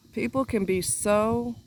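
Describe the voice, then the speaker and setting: A woman's voice: on the high side, a little hiss or hum. A woman vlogger delivering a heated, profane personal rant in a blunt, exasperated way.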